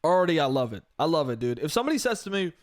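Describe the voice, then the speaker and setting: Male podcast host, solo comedic monologue; raised, very animated pitch, swears freely, laughs at his own jokes. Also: rapid-fire, no room sound, studio quality.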